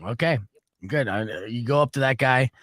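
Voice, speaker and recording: A man hosting a radio morning show in a studio, chatting casually, swearing, and jumping up in pitch when he gets worked up. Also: moderate pace, a bit bright, dry recording. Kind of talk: casual on-air banter.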